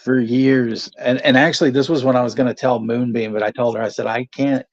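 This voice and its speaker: A man's voice: medium pitch, steady tone, brisk. A man hosting a casual livestream chat, rambling through a story, swearing and laughing often. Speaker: channel host. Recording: dull lo-fi stream audio.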